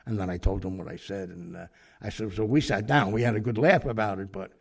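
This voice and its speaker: A man telling an anecdote in a lively way, acting out the people he quotes, with fillers and restarts. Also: fairly low pitch, brisk, vocal fry, slightly rough. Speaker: storyteller guest.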